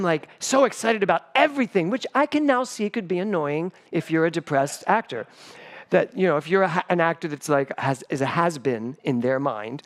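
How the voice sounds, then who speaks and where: Animated man preaching a sermon. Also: a little high. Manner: animated storyteller. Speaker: spiritual director. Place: church service.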